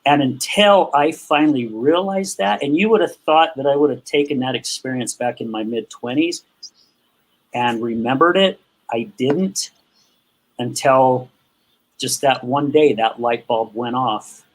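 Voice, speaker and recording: A man as a podcast guest, candidly telling a personal story about his past anger and acting out the dialogue with growing emotion. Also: unhurried. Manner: emotional, acts out quotes with rising pitch.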